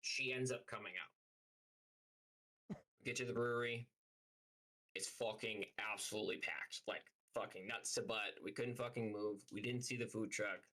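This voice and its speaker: On a rough recording, a young man casually tells a rambling, profanity-laced story during a live stream, packed with "like". He speaks unhurriedly in a fairly low, fairly even voice with a sharp tone, leaving long pauses.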